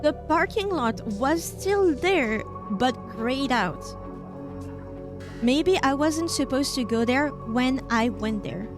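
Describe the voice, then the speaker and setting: A woman's voice: sits high, lively intonation, slow pace. A woman streamer casually talking through a story game, thinking aloud about which choices to make. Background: game music.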